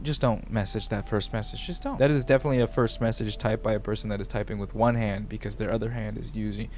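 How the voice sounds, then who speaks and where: Sarcastic man reading dating messages aloud. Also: medium pitch. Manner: sarcastic, jumps into mock voices. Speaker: co-host. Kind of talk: comedic commentary reading screenshots.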